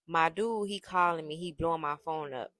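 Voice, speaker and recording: A young adult woman telling a story in a brash, profane, animated gossip style. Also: deep voice, normal speed. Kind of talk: casual storytime monologue.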